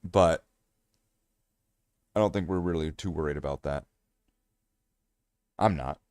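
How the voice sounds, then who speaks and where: A man's voice: extremely low pitch, a little slow, darkish tone, no echo, clean studio sound. A man chatting casually on a hobby live stream, rambling and joking at himself with many fillers and restarts. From Canada.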